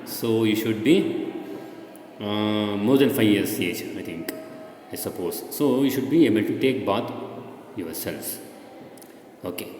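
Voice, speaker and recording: A man's voice: fairly low pitch, a little slow, pauses often, darkish tone. A male teacher, giving a recorded lesson to young children, patient and repetitive, often checking whether they follow and spelling words out. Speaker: schoolteacher. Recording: echoey room, long reverb, faint noise.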